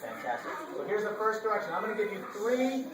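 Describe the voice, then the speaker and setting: Lively man leading a kids' show. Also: high-pitched, quick pace, a crowd in the background, background noise. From Florida. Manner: animated, coaxing call-and-response. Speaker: children's performer. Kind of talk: educational show for children. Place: large library hall, indoors. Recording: echoey hall from far off.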